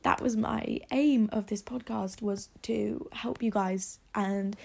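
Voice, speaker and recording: A woman's voice: mid-range voice, fairly even intonation, slow, creaky, few pauses. A young woman hosting a solo podcast, speaking with emotional, tearful encouragement into a phone propped on her laptop desk. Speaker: podcast host. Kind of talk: heartfelt solo podcast talk.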